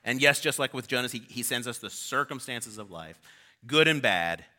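A man's voice: medium pitch, animated, moderate pace, bright, forceful tone. A male pastor preaching a sermon in an informal, conversational storytelling way.

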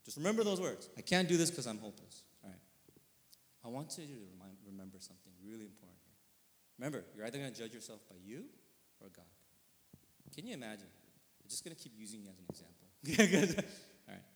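A male pastor preaching a conversational sermon, earnest and probing, often checking in with listeners, moving from quiet reflection to sudden emphatic bursts. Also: on the low side, very animated, fast, long pauses. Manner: earnest, often asking listeners with tag questions. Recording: long reverb of a large hall.

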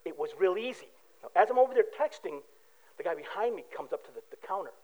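A man's voice: high voice, lively intonation, fast, a little mellow, poor audio. A man, a pastor, giving a conversational sermon full of everyday stories and asides to the congregation. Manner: casual storytelling with asides to the congregation.

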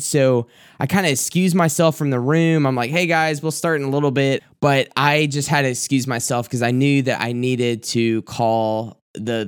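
A man's voice: mid-range voice, clean tone. A young man, a youth pastor, telling a candid personal story of his own mistake as a sermon testimony, with lots of casual fillers.

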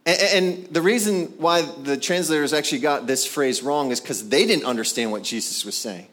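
A man with a somewhat high voice delivers a sermon in a lively, conversational way. He slips into playful character voices to act out scenes from scripture. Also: normal speed. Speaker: pastor.

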